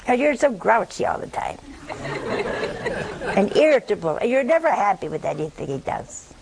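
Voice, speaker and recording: A woman's voice: medium pitch, big pitch swings, moderate pace, creaky, crowd noise, low-quality recording. An older woman giving a sermon, telling humorous stories in a folksy way and acting out the dialogue. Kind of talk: sermon with storytelling.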